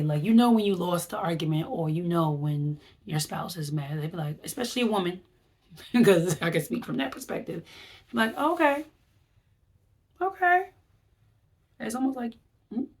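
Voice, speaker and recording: A woman's voice: lowish voice, husky. A woman wellness vlogger giving a chatty, rambling recap, acting out her reactions as she talks. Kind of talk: casual vlog recap.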